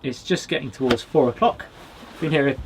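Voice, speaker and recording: A man from Britain vlogging from a small wood cabin with a stove, chatting in a relaxed way and talking straight to his viewers. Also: medium pitch, a little fast, slight background noise. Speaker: outdoors vlogger. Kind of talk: casual vlog to camera.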